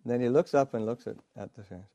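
A Buddhist monk, a man, telling a teaching story in a halting way, full of fillers and restarts, with soft chuckles. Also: mid-range voice, no room sound. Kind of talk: storytelling dharma talk.

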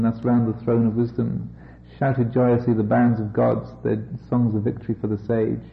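A Buddhist teacher reading an old scripture story aloud and breaking off for amused, joking comments. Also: male voice, mid-range voice, little pitch movement, moderate pace, creaky. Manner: wry and amused, breaking off for jokes. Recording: echoey, slightly dull room recording.

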